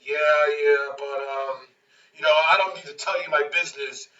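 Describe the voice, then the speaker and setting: A man's voice: fairly high pitch, fairly even intonation, normal speed, bright, forceful tone, reverberant, recorded from a distance, dull audio. A man doing a stubborn, overconfident builder client. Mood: insistent.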